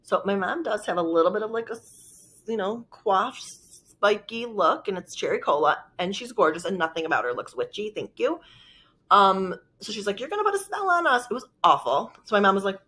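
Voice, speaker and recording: A woman's voice: medium pitch, expressive, moderate pace, fairly bright tone, slightly rough. Woman vlogging, rambly storytelling, lots of likes, medium voice. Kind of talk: casual storytelling.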